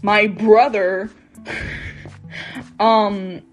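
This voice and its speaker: A young woman in her late teens chatting casually and excitedly, rambling with lots of fillers. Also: mid-range voice, very slow, poor audio. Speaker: vlogger. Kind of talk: casual chat over gameplay. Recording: background music playing. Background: background music.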